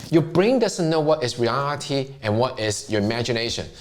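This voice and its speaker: A man's voice: mid-range voice, expressive, moderate pace. A middle-aged man with a Chinese accent, giving an earnest motivational talk as a self-help vlogger and often asking himself questions.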